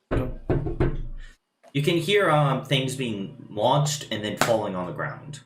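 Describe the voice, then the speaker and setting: A man narrating a tabletop game as game master, slow and halting, making little sound effects as he goes. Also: medium pitch, big pitch swings, reverberant, slight background noise.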